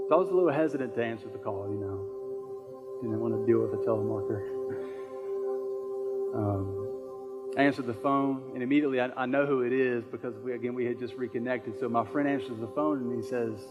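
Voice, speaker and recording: Male pastor, mid-pitched, earnest sermon, repeats lines for emphasis, music bed. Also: phone-quality sound. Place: church service.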